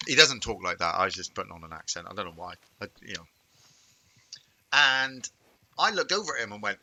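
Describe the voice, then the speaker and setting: A man chatting casually with viewers while playing a game, telling rambling stories with animated chuckles. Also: fairly low pitch, normal speed, pauses often, rough recording. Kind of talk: casual live-stream chat.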